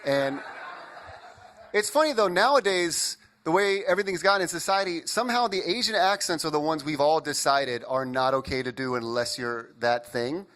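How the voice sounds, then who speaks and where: A young man from Indiana performing an animated stand-up comedy set, riffing with the crowd. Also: fairly high pitch, normal speed. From Indiana, USA.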